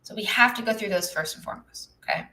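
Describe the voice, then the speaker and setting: A business coach who has lived in many countries talks fast on a livestream, her medium-pitched voice bright and forceful. She's chatty, reads the live chat, and often trails off and restarts sentences while working through examples.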